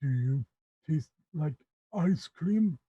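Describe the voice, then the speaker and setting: Brief: man doing a slow-witted hungry ogre, fairly high, slightly muffled lo-fi sound. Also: animated, dark tone, slightly rough, no echo, exaggerated voice. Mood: dull. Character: hungry dim-witted male ogre, huge.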